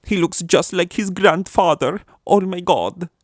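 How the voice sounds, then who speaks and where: A man voicing a doting German parent of a newborn boy in a mock German accent that drifts Scandinavian, gushing in a high, slow, sing-song way. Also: no room sound, studio quality.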